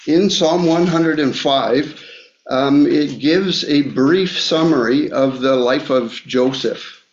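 Slow, halting preacher man in echoey room. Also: on the high side, slight background noise. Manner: slow, halting, many fillers and restarts. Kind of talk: Bible teaching sermon. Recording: echoey room, dull lo-fi sound.

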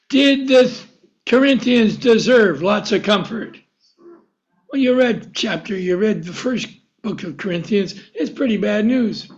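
A man with a high voice preaches a sermon, posing questions and answering them himself. The recording is dull and lo-fi. He reads scripture and explains it to his hearers. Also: lively intonation, unhurried. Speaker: pastor.

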